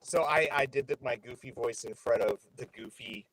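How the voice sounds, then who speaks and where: A man chatting as a guest on a video call, telling an excited story with many restarts, close to a slightly staticky mic. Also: medium pitch, moderate pace, over a noisy crowd, low-quality recording. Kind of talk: casual chat. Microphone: close mic on a video call, some static.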